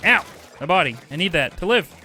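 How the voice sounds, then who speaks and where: A man streaming a video game live, chatting with viewers and reacting loudly, swinging between excited yelps and low mutters. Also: normal speed, a little hiss or hum. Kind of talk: casual live gameplay commentary.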